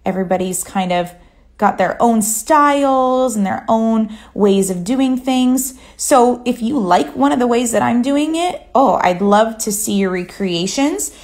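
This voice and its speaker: Chatty woman teaching nail art. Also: medium pitch. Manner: relaxed, chatty, step-by-step explaining. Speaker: nail artist.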